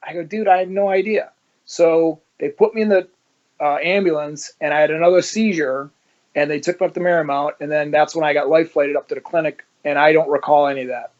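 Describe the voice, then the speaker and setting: Over lo-fi sound, a high-ish voice moves at a quick pace as a former Ohio cop, from the United States, relates his experiences in an interview, lively and playing out the conversations as he describes them.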